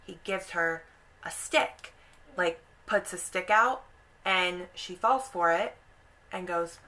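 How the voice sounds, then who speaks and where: A woman's voice: lowish voice, slow, sharp tone, low-quality recording. A woman YouTuber casually retelling an opera's story, chatty with lots of "like" and "kind of".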